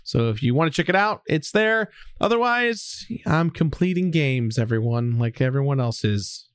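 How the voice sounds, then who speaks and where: A man in casual podcast chat, rambling through lists with halting fillers. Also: fairly high pitch, expressive, clear, resonant tone, dry recording, studio quality. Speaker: video game YouTuber.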